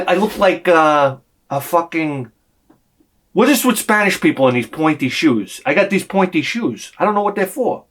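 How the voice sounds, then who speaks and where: A man's voice: high voice, fairly bright tone. A middle-aged man, telling a comic story in a vlog, swearing freely and acting out the voices he quotes. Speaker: vlogger.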